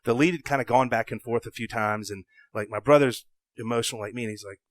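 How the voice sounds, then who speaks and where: Excitable man telling a story. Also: mid-range voice, quick pace, dry recording. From American South. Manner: excitable, swings from loud bursts to hushed asides; acts out his own past thoughts in quoted lines. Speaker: podcast guest. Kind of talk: animated storytelling.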